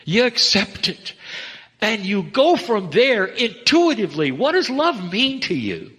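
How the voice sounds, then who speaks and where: A man delivering a channeled spiritual message, measured and earnest, addressing listeners as dear ones. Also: high-pitched, a bit bright, slightly rough. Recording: long reverb of a hall.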